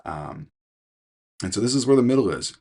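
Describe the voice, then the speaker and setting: A man's voice: medium pitch, big pitch swings, moderate pace, darkish tone, slightly rough. A middle-aged man hosting his own fitness podcast, talking casually with frequent fillers and restarts as he coaches listeners. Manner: conversational, many fillers and restarts. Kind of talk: casual solo podcast talk.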